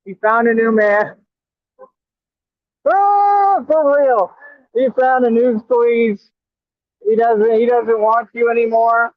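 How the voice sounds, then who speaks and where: A man taunting a rival while riding a scooter outdoors, his voice high for a man and prone to stammering restarts. The sound is thin and phone-like, and close and dry. It is a cocky, trash-talking vlog. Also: little pitch movement, a little slow, dry recording. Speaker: vlogger.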